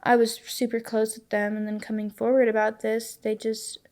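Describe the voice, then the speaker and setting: Creaky-voiced young woman sharing her story. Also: fairly high pitch, monotone, darkish tone. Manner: halting, emotional, quotes others in her story. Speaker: guest. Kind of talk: personal testimony in a podcast interview.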